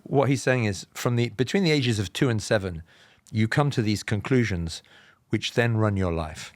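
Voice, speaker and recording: A man from England with a southern, BBC-style received pronunciation accent, telling personal stories as a podcast guest in a measured, explanatory way with self-deprecating humour. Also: fairly low pitch, animated, no room sound, clean studio sound. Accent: Southern English, BBC-style received pronunciation. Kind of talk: reflective personal storytelling.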